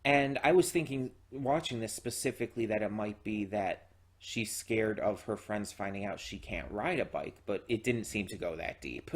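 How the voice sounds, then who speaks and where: On his own channel, a reaction host gives casual solo commentary with enthusiasm, lots of fillers, restarts, and swearing. His voice is lowish and slightly rough.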